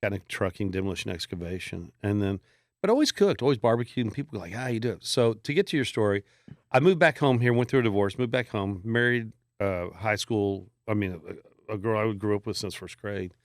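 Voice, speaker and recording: A man's voice: fairly low pitch, expressive, fairly quick, no echo, studio quality. A middle-aged man, a podcast guest telling long rambling stories in casual chat and acting out the voices of people he quotes. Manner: rambling storyteller who acts out quoted voices.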